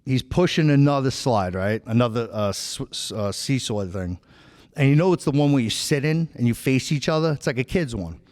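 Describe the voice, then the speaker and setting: Animated at a moderate pace, a man's medium-pitched, darkish voice carries a New York accent. As a podcast host he rambles through profane stories in casual talk, constantly tossing in "right?" and "bro," with long hall reverb on the recording.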